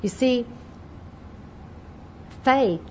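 A woman's voice: fairly high pitch, drawn-out words, slight background noise, poor audio. Emphatic woman preaching a Bible lesson. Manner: emphatic, repeats key words, varies loudness widely; reads scripture aloud in King James wording. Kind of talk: Bible teaching sermon.

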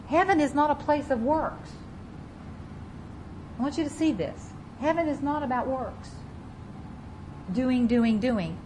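A woman preaching a sermon, reading scripture aloud and stressing key words over and over, her loudness rising and falling. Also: fairly high pitch, a little hiss or hum, poor audio. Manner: emphatic, repeats key words, varies loudness widely; reads scripture aloud in King James wording. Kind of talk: Bible teaching sermon.

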